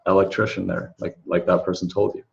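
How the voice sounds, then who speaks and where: A man's voice: low-pitched, flat delivery, brisk, vocal fry. A man interviewing a guest, hesitant, with short acknowledgments and thinking aloud. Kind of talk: casual interview talk. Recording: dull lo-fi audio with faint noise.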